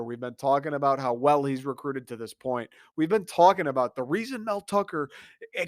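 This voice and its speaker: A man's voice: a little high, no echo, clean studio sound. A young man hosting a sports podcast, talking in a fired-up, repetitive monologue with casual swearing. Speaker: podcast host.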